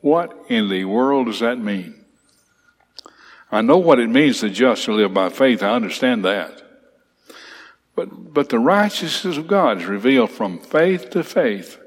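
In a church classroom with slides, a man leads an expository Bible class, reading scripture aloud and then explaining it with emphatic repetition. His mid-range voice is expressive and a little slow, and long hall reverb colors the recording.

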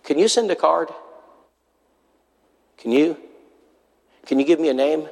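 A man's voice: fairly high pitch, measured pace, gravelly, a little mellow. A man preaching a sermon, telling a story in an earnest way and acting out the other people's lines. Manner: earnest, acts out quoted voices. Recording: long hall reverb.

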